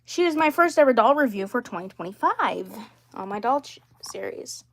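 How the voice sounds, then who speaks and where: A woman chatting casually while showing her dolls, rambling with fillers and frequent throat clearing. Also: on the high side, big pitch swings, normal speed. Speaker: doll collector livestreamer.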